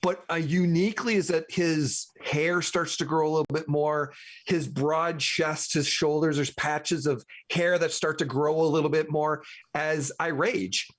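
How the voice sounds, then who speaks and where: A man's voice: fairly high pitch, steady tone, measured pace. A man playing a tabletop game, chatty and thinking aloud as he describes his character's moves. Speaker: player.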